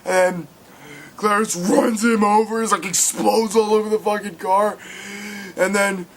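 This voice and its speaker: A young man giving a casual film review, excitable and swearing, acting out scenes loudly. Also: sits high, a little slow.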